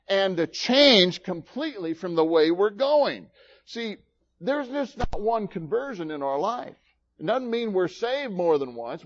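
Male preacher, slightly high voice, folksy emphatic sermon delivery. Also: darkish tone, lo-fi sound. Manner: folksy, emphatic, teasing asides.

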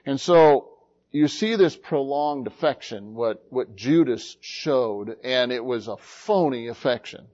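A man preaching a sermon in a deliberate way, dropping to a hush and then rising with emphasis. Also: mid-range voice, animated, highs cut off. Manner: slow, deliberate preaching that swings from hushed to emphatic. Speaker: pastor.

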